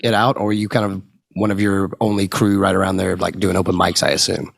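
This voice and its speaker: A man's voice: sits low, level tone, fast talker, creaky, dry recording. A man hosting a podcast, asking curious questions with short reactions. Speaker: podcast host. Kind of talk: interview questions.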